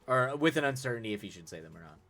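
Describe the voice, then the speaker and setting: A man's voice: medium pitch, lively intonation, rapid-fire, a bit bright. A man streaming live, reading a story aloud with casual asides, laughing and correcting his own slips. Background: faint music.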